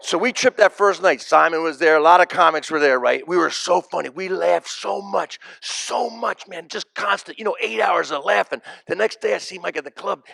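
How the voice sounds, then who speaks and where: An American comedian performs at a live memorial tribute, telling emphatic, repetitive stories before an audience and repeating key phrases for punch. His voice is high-pitched, bright and forceful with vocal fry, at a moderate pace with few pauses and no echo.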